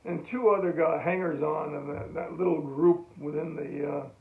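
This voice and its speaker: A man's voice: a little high, fairly even intonation. Older man telling a story over a tinny echo. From United States. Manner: halting, many restarts and chuckles. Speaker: veteran telling a war story. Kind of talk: oral history storytelling. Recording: tinny phone-like echoey room.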